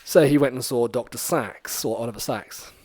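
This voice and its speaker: A man's voice: mid-range voice, moderate pace, no room sound. Man podcast host, casual rambling storyteller, fillers, mid-range voice, dry close sound. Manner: rambling and animated, many fillers, acts out quoted lines.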